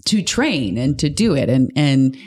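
A woman's voice: very deep voice, very animated, measured pace, darkish tone, husky. A woman chatting casually as a podcast co-host, talking with lots of fillers and restarts. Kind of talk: casual chat.

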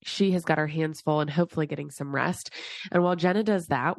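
A woman's voice: sits low, no room sound, studio quality. A woman hosting a podcast in casual, chatty talk, her voice stuffy and congested from a cold. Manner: chatty, rambling, quick asides. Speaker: podcast host. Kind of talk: casual solo podcast chat.

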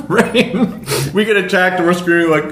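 A man's voice: high-pitched, lively intonation, moderate pace, a bit bright. A man hosting a casual podcast chat, joking around and slipping into playful bits. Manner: jokey, playful, breaks into bits and laughs. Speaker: podcast host. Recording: echoey room.

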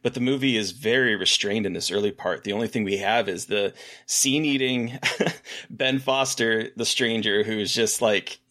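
A man's voice: fairly low pitch, normal speed, sharp tone. A man co-hosting a podcast, rambling with restarts as he chats enthusiastically about a horror film. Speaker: podcast co-host.

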